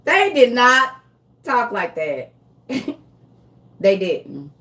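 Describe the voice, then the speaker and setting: A woman delivering a comedic monologue in a slangy, animated way, often breaking into laughter. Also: a little high, drawn-out words. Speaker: comedian vlogger.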